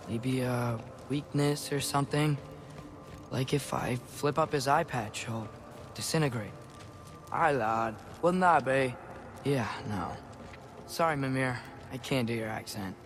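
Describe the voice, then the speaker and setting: A man's voice: mid-range voice, normal speed, a little hiss or hum, lightly acted. An actor playing an earnest, curious teenage boy in a video game cutscene. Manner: earnest, eager.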